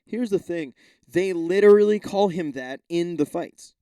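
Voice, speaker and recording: A man hosting his own podcast, talking off the cuff in a loose, profane ramble that keeps doubling back on itself. His voice sits a little high but sounds mellow and warm. The room is dry and close, with no echo. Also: a little slow, clear, resonant tone. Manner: rambling, profane, self-interrupting. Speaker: podcast host. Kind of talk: casual solo rant.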